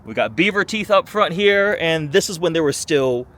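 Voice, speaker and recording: A man's voice: on the high side, normal speed. A man reviewing a sports car in a casual vlog, chatty and enthusiastic. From Michigan, USA. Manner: enthusiastic, chatty, rising excited exclamations. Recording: noisy outdoor car recording.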